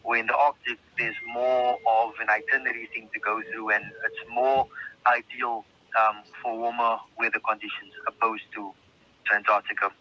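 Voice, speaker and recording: A man's voice: mid-range voice, little pitch movement, normal speed, muffled recording. A man with a South African accent, a travel agent explaining things on a call, hesitant and full of ums.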